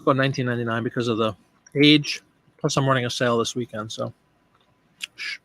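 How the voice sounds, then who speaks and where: A man at an ordinary middle pitch hosts a relaxed live stream, chatting as he works through tasks. He talks aloud through each step and greets viewers by name. His voice sits close and dry, with almost no room sound. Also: a little fast, no room sound. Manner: chatty, thinks aloud while working, addresses viewers by name. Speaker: live-stream host and online seller. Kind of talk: casual live-stream chat.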